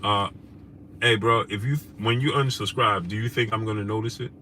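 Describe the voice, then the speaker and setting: A man hosting a casual live stream, shouting out viewers by name in loose slangy talk. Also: on the low side, fairly even intonation, normal speed, a little hiss or hum. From New York. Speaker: host. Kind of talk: casual live-stream chat, reading super chats.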